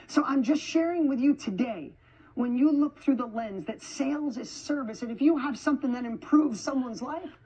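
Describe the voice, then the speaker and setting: A woman giving an energetic, emphatic motivational speech to an audience in an event hall, repeating phrases for effect. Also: high-pitched, breathy edge, highs cut off. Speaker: motivational speaker.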